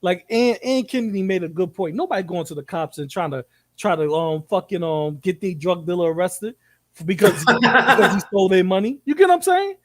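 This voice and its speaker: A man co-hosting a live commentary stream, talking in an animated, profane and rambling way, often repeating himself. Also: high-pitched, a little fast, no echo.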